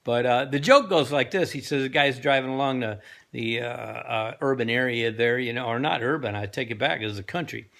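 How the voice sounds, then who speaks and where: A man's voice: medium pitch, normal speed, gravelly, fairly bright tone. An older man telling a joke in a rambling, casual way, full of fillers and self-corrections. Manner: rambling, lots of fillers and laughter. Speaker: joke teller.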